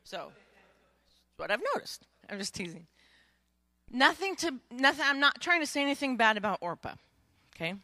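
A woman pastor preaching a sermon in a conversational, joking manner, acting out stories with lively emphasis and frequent restarts. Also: high voice, brisk, no echo, clean studio sound. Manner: animated storytelling, acting out quotes with rising volume; frequent word repetitions and restarts.

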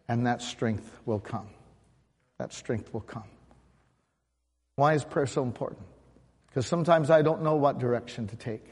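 In a church sanctuary with long hall reverb, a pastor with a mid-range, slightly dark voice delivers his sermon conversationally. He frequently turns to the congregation with questions.

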